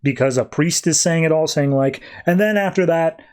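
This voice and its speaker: A man's voice: fairly high pitch, moderate pace, darkish tone. Chatty man recapping comics. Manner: chatty, rambling. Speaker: podcast host. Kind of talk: casual comic book recap.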